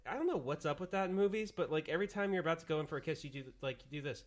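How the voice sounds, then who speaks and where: A young man co-hosting a movie review podcast in a relaxed, rambling casual chat. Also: on the high side, very fast. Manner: relaxed, rambling, lots of fillers like "like" and "uh".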